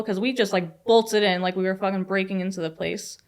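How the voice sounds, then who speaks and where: A young woman telling a personal story as a podcast guest, fast and chatty with many fillers. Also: medium pitch, steady tone. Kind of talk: casual storytelling.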